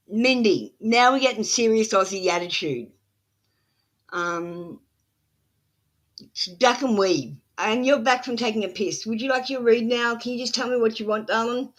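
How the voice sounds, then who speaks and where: A woman running a live tarot stream who sounds flat and matter-of-fact. She is blunt with her viewers and scolds them when they ignore her instructions. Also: on the high side.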